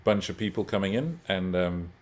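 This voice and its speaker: A man's voice: low voice, expressive, moderate pace. A man co-hosting an online webinar in a casual, jokey manner, chuckling often as he greets attendees over a video call. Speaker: webinar co-host. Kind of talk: casual online meeting chat.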